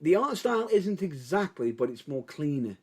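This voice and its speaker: A man's voice: a little high, sing-song, normal speed, darkish tone, husky. A man co-hosting a podcast, chatting enthusiastically and rambling with lots of restarts. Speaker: podcast co-host. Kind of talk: casual chat.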